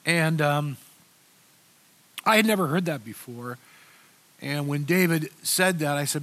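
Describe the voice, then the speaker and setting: An older male pastor preaching to his church in an easygoing way. His voice sits high for a man, and he often stops and restarts mid-thought. It sounds unscripted, like a pastor talking straight to his people. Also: animated, sharp tone. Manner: conversational, halting with many restarts. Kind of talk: sermon.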